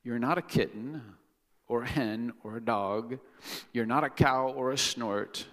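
A man's voice: medium pitch, measured pace, a bit bright, natural voice. A man reading a storybook aloud and voicing a small lost baby bird, earnest and searching. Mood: certain. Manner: pleading, asking questions. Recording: long reverb of a large hall.

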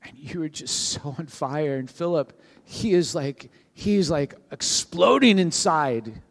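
A male pastor giving a sermon to his congregation in a conversational, animated way, with frequent restarts. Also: fairly high pitch, a little slow. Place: church sanctuary with a live congregation. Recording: long hall reverb.

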